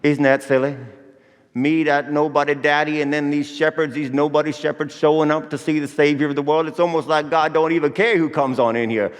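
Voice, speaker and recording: A man's voice: a little high, little pitch movement, fairly quick, lightly acted. An actor playing Joseph as a folksy, anxious young father, drawling with country grammar, in a church Christmas monologue. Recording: echoey church hall.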